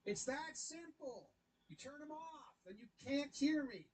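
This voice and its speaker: A woman giving casual commentary on a video clip, animated and swearing, often slipping into voices. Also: sits high, measured pace, a little hiss or hum, rough recording.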